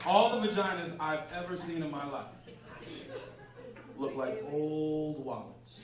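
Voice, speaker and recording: A man's voice: on the high side, a little slow, very noisy. Brash profane stand-up comic man. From Massachusetts. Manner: brash, profane, crowd-teasing. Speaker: stand-up comedian. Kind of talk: stand-up set. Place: comedy club stage before a laughing audience. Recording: echoey club sound from a distant mic.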